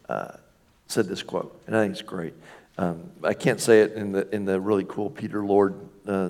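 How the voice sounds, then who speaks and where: A middle-aged man preaching a sermon as a pastor, animated and conversational, acting out little scenes with jokey asides. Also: fairly low pitch.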